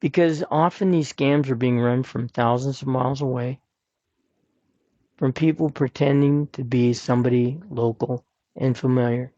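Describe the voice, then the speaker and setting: A man's voice: medium pitch, fairly even intonation, moderate pace, warm tone, no room sound, muffled recording. A man hosting a podcast, giving earnest, plain-spoken advice and repeating his points for emphasis. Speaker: podcast host. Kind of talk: personal advice talk.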